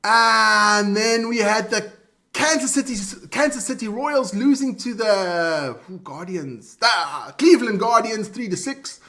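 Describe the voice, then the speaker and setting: A man co-hosting a casual live sports roundup reads out scores with chatty asides as his voice wears out. It's high, animated, creaky, and sharp in tone, with a slightly slow pace.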